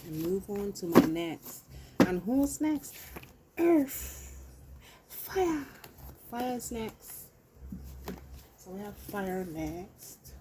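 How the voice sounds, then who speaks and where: A woman's voice: medium pitch, expressive, takes it slowly, very noisy. A woman with a British accent giving a casual collective tarot reading, chatty and loose, swearing and talking to herself as she handles her cards. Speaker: tarot reader.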